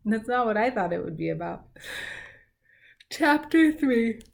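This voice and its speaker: A woman from a school reading a storybook aloud to students, with animated, chatty asides to the children. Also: fairly low pitch, moderate pace, creaky.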